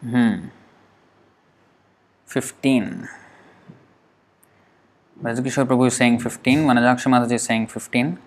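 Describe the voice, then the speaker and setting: A man teaching an online class, patiently reading out students' answers and counting syllables aloud slowly. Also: medium pitch, flat delivery. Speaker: Sanskrit teacher.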